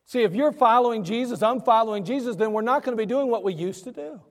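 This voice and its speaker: A man preaching a sermon as pastor, animated, asking and answering his own questions. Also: very high-pitched, fast talker. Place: church sanctuary. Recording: echoey church hall.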